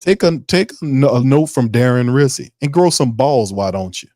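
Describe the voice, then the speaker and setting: A man's voice: mid-range voice, expressive, normal speed, mellow, dry recording, studio quality. Fired-up ranting New man. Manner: fired-up, ranting, profane, mocking impressions. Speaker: sports podcast host. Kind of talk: heated sports commentary stream.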